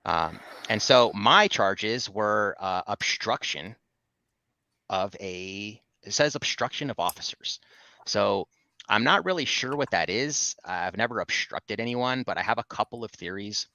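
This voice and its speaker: A man's voice: fairly low pitch, expressive, unhurried, vocal fry, pushed and bright, no echo. A man who audits in public, talking casually and telling a rambling, self-correcting story. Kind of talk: casual video talk. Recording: dull, lo-fi clip.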